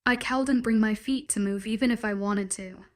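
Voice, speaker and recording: A woman narrating a first-person romance story in an even, steady storytelling manner. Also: on the high side, brisk.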